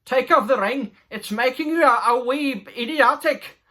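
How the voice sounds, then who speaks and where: A man's voice: extremely high pitch, moderate pace, bright, forceful tone, pitched above the performer's own voice. A man voicing a young male dwarf prince who pleads and protests, in a comic retelling. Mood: pleading. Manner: whiny, pleading.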